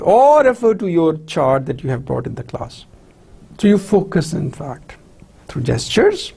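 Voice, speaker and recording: A lecturer giving a classroom lecture on teaching skills. The lecturer keeps checking in with "right?" and "clear?" and asks questions, then answers them. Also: mid-range voice, a little mellow. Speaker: university lecturer.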